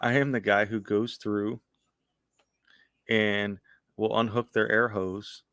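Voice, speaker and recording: A man co-hosting a podcast, a veteran factory worker talking gruffly and jokingly in casual chat. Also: on the low side, flat delivery, takes it slowly, a bit bright, dry recording, clean studio sound. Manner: gruff, joking, self-described gripey old man. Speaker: podcast co-host.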